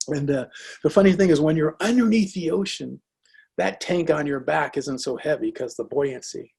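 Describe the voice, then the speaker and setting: Sharing a personal anecdote during a motivational talk, this man performs the dialogue with real liveliness. He has a slightly high voice that sounds creaky and husky.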